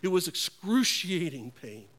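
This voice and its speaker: Man preaching slow and earnest, kinda high voice, goes quiet for effect. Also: big pitch swings. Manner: slow, earnest preaching with dramatic hushed drops. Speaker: pastor. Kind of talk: sermon.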